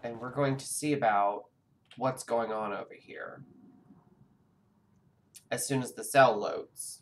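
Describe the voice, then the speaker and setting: With music in the background, a sleepy, exhausted streamer rambles to his viewers while playing a game live. He speaks slowly in a mid-range voice.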